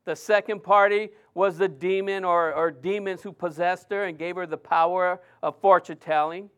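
A middle-aged man preaching a sermon, telling a personal story in a lively way with many restarts and fillers. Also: high-pitched, moderate pace, clear, resonant tone.

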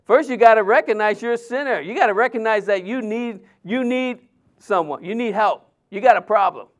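A male pastor, preaching in a conversational way, with many fillers and restarts, dropping his voice softly when he quotes others. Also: high voice, brisk. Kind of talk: sermon.

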